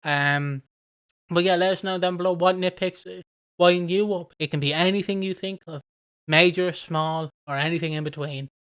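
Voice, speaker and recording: A podcast co-host in casual chat, telling animated anecdotes with lots of laughter and mimicked voices, then signing off the episode. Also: medium pitch, normal speed, smooth.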